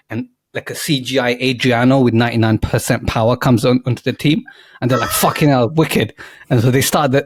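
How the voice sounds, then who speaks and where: A man's voice: medium pitch, slightly rough, no echo. Man, young adult, podcast co-host, rambling storyteller, voices the characters' lines, dry close sound. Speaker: podcast co-host pitching a film idea. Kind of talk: casual podcast chat.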